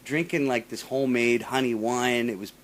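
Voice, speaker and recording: A man's voice: medium pitch, normal speed, a little hiss or hum. A man hosting a casual chat, telling a long story full of profanity, repeating himself and mimicking the people in it. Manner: profane, animated, restarts often, mimics others. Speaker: podcast host.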